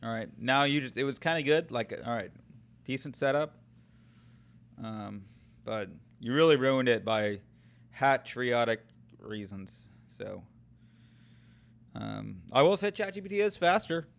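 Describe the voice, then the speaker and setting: A man's voice: medium pitch, lively intonation, unhurried, creaky, pauses often, a bit bright. Rambling man thinking aloud. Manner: rambling, thinking aloud, many fillers and restarts. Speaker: streamer testing AI story tools. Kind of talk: casual chat.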